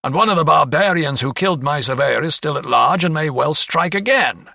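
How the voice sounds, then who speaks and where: A man's voice: on the high side, animated, brisk, gravelly, pushed and bright, no room sound, clean studio sound, distant mic, voice pushed up, full character voice. A man voicing a ruthless, scheming English lawyer who talks in a sneering, sardonic way.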